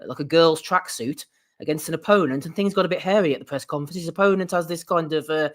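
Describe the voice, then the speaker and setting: A man's voice: fairly high pitch, quick pace. A man hosting a boxing podcast, laughing often and moving the talk between clips. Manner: laughs a lot, steers between topics. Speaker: podcast host.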